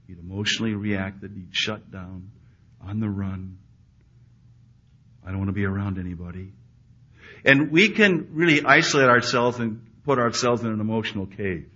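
A man preaching a sermon, swinging between loud emphatic peaks and hushed, quiet asides. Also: lowish voice, a little hiss or hum. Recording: dull lo-fi recording.

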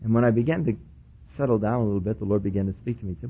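A man preaching a sermon, telling a personal story and acting out the dialogue, dropping to quiet murmurs and rising to excited bursts. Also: on the low side, racing, narrow, tinny audio, a little hiss or hum. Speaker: pastor.

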